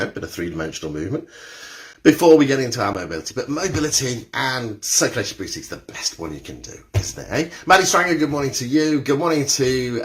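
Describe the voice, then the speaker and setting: A man's voice: medium pitch, a bit bright. A man, leading a live-streamed exercise class indoors and greeting viewers by name in a chatty way. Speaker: exercise instructor. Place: indoor room with carpeted floor.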